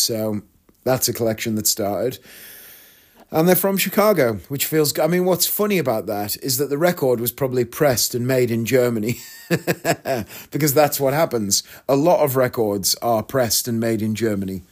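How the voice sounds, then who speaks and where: Chatty man telling stories. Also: medium pitch. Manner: chatty, self-deprecating, acts out punchlines. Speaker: magician. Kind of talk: casual storytelling.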